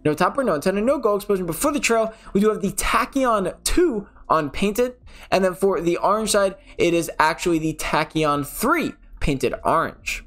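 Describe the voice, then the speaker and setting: A man's voice: high voice, expressive, moderate pace, fairly bright tone, soft background music. Chatty young man rambling over gameplay. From New York City area. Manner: chatty, self-correcting, rambling. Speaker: gaming channel host. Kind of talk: casual game commentary voice-over.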